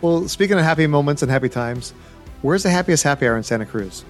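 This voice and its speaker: A man's voice: on the high side, lively intonation, fast talker, faint music behind. A man hosting a casual interview, upbeat and easygoing, asking questions and making light jokes. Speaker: interviewer host.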